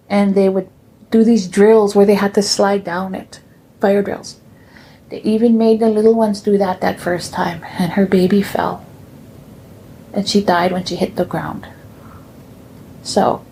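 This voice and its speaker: A woman telling her family's stories in a gentle, unhurried way, with soft pauses. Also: mid-range voice. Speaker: storyteller.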